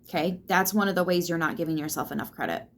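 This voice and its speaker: A woman's voice: on the low side, fast, a bit bright. A woman giving a casual tarot reading, chatty and reassuring, swearing freely as she talks straight to the viewer. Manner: loose and chatty, swears freely, lots of fillers; reassuring, speaks straight to the listener. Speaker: tarot reader.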